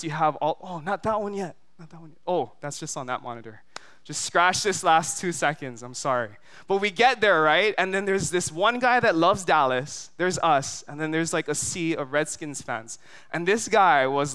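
At a church service, a pastor from Hawaii preaches a sermon in a smooth, sharp-toned voice on the high side. He tells a long story full of fillers, often asking the crowd "right?"

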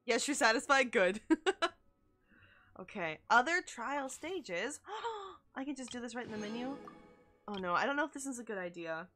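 Excitable young woman streaming a game. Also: a little high, moderate pace. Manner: excitable, gushing, squeals and laughs, chats with viewers. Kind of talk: live game-stream chat. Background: game music.

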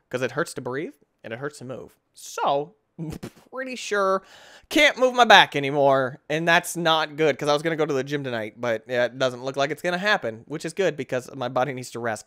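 A young man giving let's-play commentary, tired and yawning, breaking into excited yelps and shouts. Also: a little high, no room sound, clean studio sound. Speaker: gaming YouTuber.

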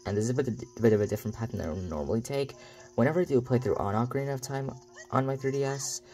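A man's voice: lowish voice, mellow. A man hosting a let's play, rambling through his commentary with sarcastic, self-mocking asides.

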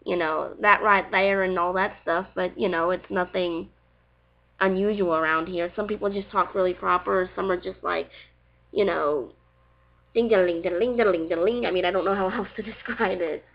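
On a muffled recording, a young woman with a faint Southern US accent and a fairly low, gravelly voice chats through viewer questions for her Q&A vlog. Her tone stays steady at a moderate pace as she rambles casually, filling gaps with "like" and "you know".

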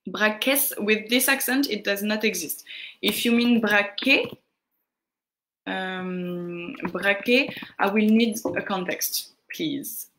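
Slow-talking French woman tutor. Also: medium pitch, a bit bright. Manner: unhurried, answering viewer questions, greets chatters; hesitant, many fillers. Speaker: French tutor on a live stream. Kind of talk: casual live Q&A lesson.

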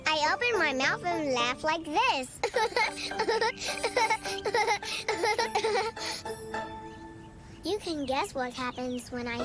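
A performer voicing a playful, cheerful young male bunny for a preschool show, talking slowly in a singsong way, with lots of giggles and hums. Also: high voice. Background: children's music.

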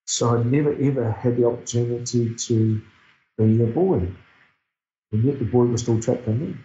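A man's voice: medium pitch, normal speed, warm tone. A middle-aged man from New Zealand with a New Zealand accent, telling a personal story in an earnest, reflective way during an interview. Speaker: guest speaker. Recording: dull, echoey recording.

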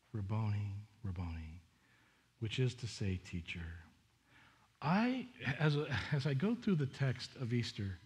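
A male pastor preaching a sermon in an earnest, conversational way, often restarting his sentences. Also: mid-range voice. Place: church sanctuary.

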